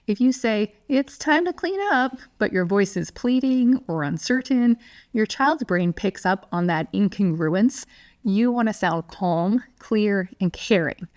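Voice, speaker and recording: A woman parenting educator talks through a scripted lesson. Her delivery is calm, clear and steady, at a middle pitch. The sound is dry and close. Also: a little slow, no room sound. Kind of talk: scripted teaching monologue.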